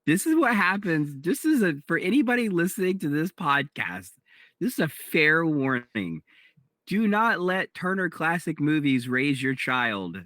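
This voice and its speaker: A man co-hosting a laid-back podcast, telling stories with animated, self-mocking energy and a lively, varied pitch. His voice is bright, and the recording is close and dry. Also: unhurried, no echo. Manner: self-mocking, animated storyteller, laughs often. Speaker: podcast co-host. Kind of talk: casual chat.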